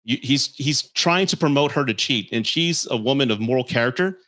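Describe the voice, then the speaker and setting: A man's voice: medium pitch, lively intonation, fairly quick, fairly bright tone. Heated, stammering man vlogging. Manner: heated, blunt, swears; stammering restarts. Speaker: commentary creator. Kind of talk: casual commentary vlog.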